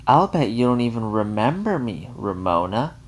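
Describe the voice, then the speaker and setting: A man's voice: medium pitch, sing-song, moderate pace, slight background noise, voice pushed up, close to an everyday voice. A man voicing a gushing, girlish young woman visitor.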